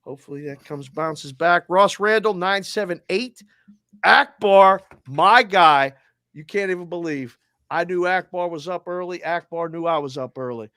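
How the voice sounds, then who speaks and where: Upbeat Boston man reading listener shout-outs. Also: high voice, moderate pace, clean tone, dry recording, clean studio sound. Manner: energetic, shout-outs with area codes and towns. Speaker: sports talk show host. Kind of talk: roll call of listeners, casual.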